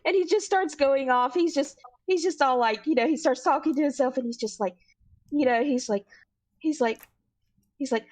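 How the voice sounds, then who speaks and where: A woman player describing her character's actions in a tabletop role-play game, talking in a giggly, rambling, halting way over an online voice call. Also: high voice, a little mellow.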